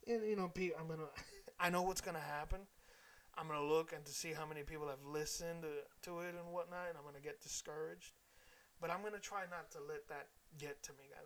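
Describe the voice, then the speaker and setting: A man's voice: on the high side, moderate pace, slight background noise. A man hosting his own solo podcast from his laptop and microphone, talking candidly and profanely and calling his listeners guys. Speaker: podcast host. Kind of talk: casual solo podcast monologue. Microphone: laptop with a bought microphone.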